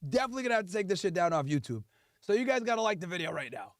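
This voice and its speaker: High-pitched, animated ranting man. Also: rapid-fire, no echo, studio quality. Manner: profane, heated, mocking. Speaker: livestream host. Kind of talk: livestream rant.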